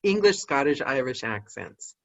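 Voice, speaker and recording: A woman's voice: rumbling low, big pitch swings, normal speed, dull audio. A woman from the United States, the host, moderating a casual panel chat in a chatty, enthusiastic way.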